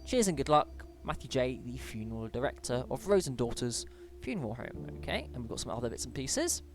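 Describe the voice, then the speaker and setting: A British speaker in a relaxed let's play, reading in-game emails and letters aloud and breaking off for chatty asides. The voice sits at a middle pitch but jumps up now and then on greetings, and the reading has small stumbles and restarts. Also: brisk, soft background music. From Britain. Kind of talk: casual gameplay commentary, reading on-screen emails aloud.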